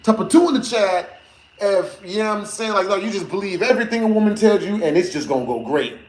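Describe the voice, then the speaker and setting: A man streaming games who tells a story to his chat in a lively, slangy way, laughing often and swearing. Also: sits high, fast talker. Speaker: gaming streamer. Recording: echoey room with faint noise.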